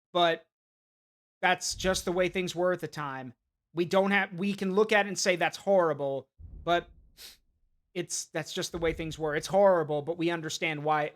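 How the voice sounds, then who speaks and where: Rambling laughing game streamer. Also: male voice, on the high side. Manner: rambling, laughing, swearing asides. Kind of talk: casual gameplay commentary.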